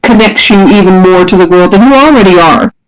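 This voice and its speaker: A woman acts as game master for a tabletop role-playing session, describing scenes at length. Her voice sits at a middle pitch, and her phrasing often stumbles and restarts as she narrates. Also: a little fast, low-quality recording. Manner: descriptive, with frequent restarts and fillers.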